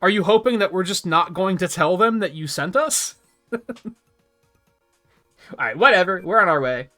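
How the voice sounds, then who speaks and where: Man, streamer, sarcastic game commentary, bright lively voice, faint game music. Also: high-pitched, moderate pace. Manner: sarcastic, laughing, swears casually.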